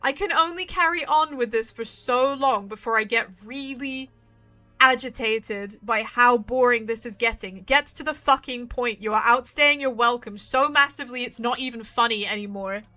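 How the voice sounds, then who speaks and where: A woman's voice: fairly high pitch, moderate pace, pushed and bright. A woman streamer giving live commentary on a story game, ranting in exasperation, swearing and pleading at the screen. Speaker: streamer playing a visual novel. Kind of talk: live let's-play commentary.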